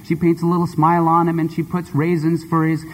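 A male preacher giving a sermon and telling a story in an expressive, conversational way. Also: on the high side, a little fast. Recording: long hall reverb.

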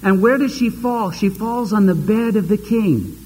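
A man's voice: sits high, normal speed, a little mellow, breathy edge, in a large hall, poor audio. A man preaching a sermon, retelling a scripture story dramatically and acting out the characters' voices.

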